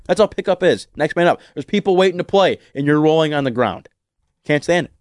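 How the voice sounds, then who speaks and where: A man's voice: on the high side, expressive, fairly quick, no echo, studio quality. A man in casual podcast chat, ranting with lots of "like" and restarts. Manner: ranting, heavy use of "like", frequent restarts.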